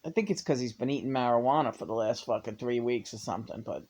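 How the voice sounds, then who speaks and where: A woman vlogger in a casual monologue, talking excitably, swearing and laughing often. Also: extremely low pitch, quick pace.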